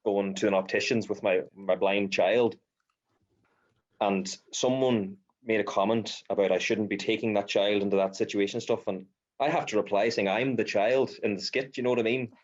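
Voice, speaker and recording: A man's voice: on the low side, fairly even intonation, moderate pace, highs cut off. A man hosting a podcast, chatting casually and acting out quotes while he tells stories. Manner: storytelling with mimicked quotes, chatty. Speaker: podcast host. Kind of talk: casual chat.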